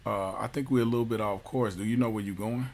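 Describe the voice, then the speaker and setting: A man's voice: on the low side, steady tone, fast, a little mellow. A man voicing a worried cab passenger in a joke he tells.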